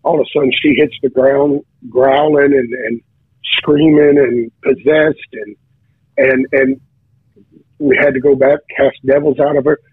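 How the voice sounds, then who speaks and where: A man who is a guest preacher tells his testimony casually, restarting often and stammering repeated words as he tells the story. His voice is on the high side, sing-song, creaky and breathy at the edges, at a measured pace, with no room sound over a tinny phone line.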